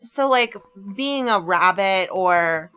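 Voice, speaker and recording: A woman's voice: medium pitch, lively intonation, takes it slowly, fairly bright tone. A woman co-hosting a casual let's play, thoughtful and explanatory as she chats. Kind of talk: casual gameplay chat.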